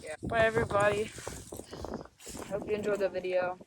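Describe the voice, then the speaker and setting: A woman's voice: medium pitch, little pitch movement, normal speed, background noise. A young woman with a Southern US accent hosting a casual outdoor vlog by a lake, chatty and rambling with lots of fillers. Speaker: vlog host. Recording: loud music underneath.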